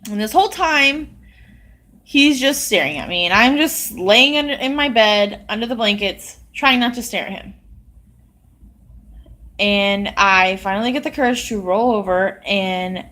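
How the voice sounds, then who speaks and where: A woman telling a personal story in a casual, halting way, full of likes and ums. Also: medium pitch, sharp tone.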